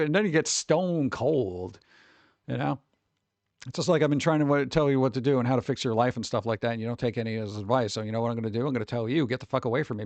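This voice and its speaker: A man streamer rambling casually to his live chat, his middle-pitched voice carrying a gravelly, fry-edged texture. He swears freely and talks straight to his viewers. The sound is dry and close, with no room echo. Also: a little mellow.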